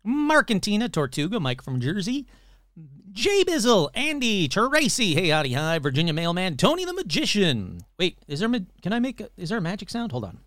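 Upbeat, lively-voiced podcast host man. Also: high-pitched, normal speed, no echo, clean studio sound. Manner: upbeat and playful, reeling off listener names. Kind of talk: casual solo podcast chat.

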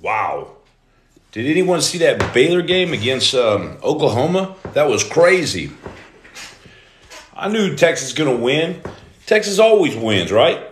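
A man in his forties hosting a casual live stream, greeting viewers by name and breaking into loud outbursts. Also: mid-range voice, big pitch swings, unhurried, pauses often, a little hiss or hum. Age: 40s. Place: room at home. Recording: echoey room.

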